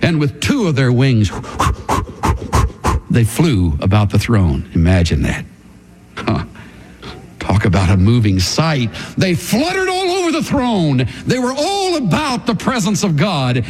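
A man preaching a sermon to his congregation in an animated, dramatic way. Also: on the high side, unhurried, breathy edge. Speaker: pastor.

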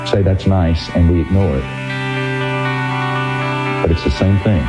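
A man preaching a sermon, emphatic, with sudden rises in pitch when he drives a point home. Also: a little slow, loud music behind the voice, poor audio. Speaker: pastor.

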